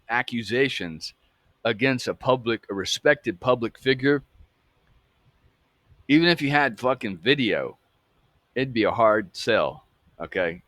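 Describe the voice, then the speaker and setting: A true-crime channel host in his fifties from Atlanta, in the US South, delivers an emphatic, profane casual monologue. His voice is medium-pitched and a bit bright, with no room sound, and he keeps checking in with listeners by asking "okay?" and addressing them as "folks."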